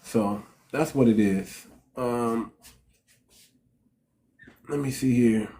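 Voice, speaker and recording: Mellow and mid-range, this man's voice draws out its words during a casual livestream. As a relationship coach and host, he speaks bluntly and directly, often restarting sentences and repeating words.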